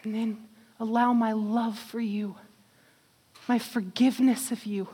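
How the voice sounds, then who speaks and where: A woman preaching a sermon with passion, swinging from fervent exhortation to quiet, intimate appeals. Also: a little high, level tone, slow pace, pauses often, slightly rough. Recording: long hall reverb.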